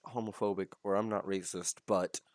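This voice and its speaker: A man's voice: sits low, fairly even intonation, moderate pace, darkish tone, dry recording, clean studio sound. A young man from Texas, co-hosting a casual podcast chat in a rambling, jokey, self-interrupting way. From Texas, USA. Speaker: podcast co-host.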